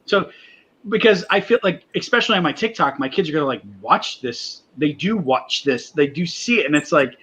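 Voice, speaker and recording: A man talking as a podcast guest in quick, rambling speech full of "like" and restarts. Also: a little high, animated, bright, forceful tone, slightly rough. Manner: quick, rambling, filler-heavy talk. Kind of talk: casual chat.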